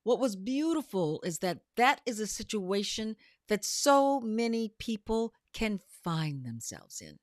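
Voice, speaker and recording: A woman co-hosting a casual panel chat, telling animated stories and acting out what people say. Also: mid-range voice, unhurried, hardly any pauses, no echo, studio quality. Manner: animated storyteller who acts out quotes. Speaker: podcast co-host.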